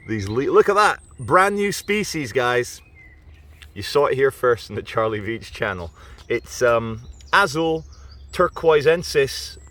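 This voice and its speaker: A man's voice: mid-range voice, a bit bright. A man rambling through a wry, meandering vlog monologue, musing aloud with asides while out on a walk and filming himself. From Britain. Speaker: video blogger. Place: outdoors on a walk.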